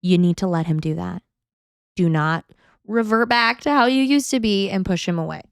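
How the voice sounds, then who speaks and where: Woman, gravelly voice, animated storytelling, mimics other voices, dry sound. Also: medium pitch, moderate pace, dry recording. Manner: animated, acts out others' lines, laughs often. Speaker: guest. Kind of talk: casual personal storytelling.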